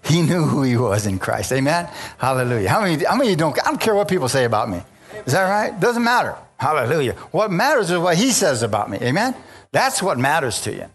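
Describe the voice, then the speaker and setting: A man's voice: fairly high pitch, a little fast, husky. A man preaching and telling his own conversion story, calling out to the congregation as he goes. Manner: animated storyteller, calls out to congregation. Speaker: preacher giving a testimony. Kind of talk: sermon testimony.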